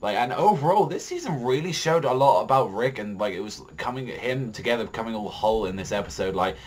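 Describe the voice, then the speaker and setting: A man's voice: medium pitch, expressive, fairly quick, a little hiss or hum. A young man casually reviewing a TV episode on his vlog, swearing constantly and rambling with heated opinions and lots of fillers. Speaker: TV show reviewer.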